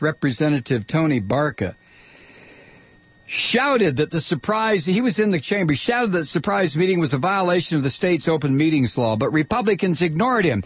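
A man hosting a political call-in radio show, angrily firing off repeated rhetorical questions and sometimes shouting. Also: a little high, breathy edge, no echo. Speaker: radio talk show host.

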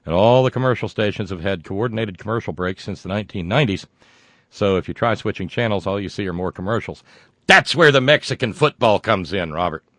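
An older American man with a somewhat low voice reads listener mail on his show. His delivery is wry and digressive, with plenty of asides. The recording is dry and close, with no room sound. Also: brisk, a bit bright, no room sound. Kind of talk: casual talk show.

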